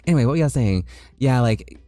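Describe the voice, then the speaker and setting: Guy, drawing-stream host, loud and bouncy, dry close mic. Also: medium pitch, brisk, no echo. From United States. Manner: loud, animated and jokey, with frequent "like" fillers. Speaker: livestreaming artist. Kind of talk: casual livestream chat while drawing.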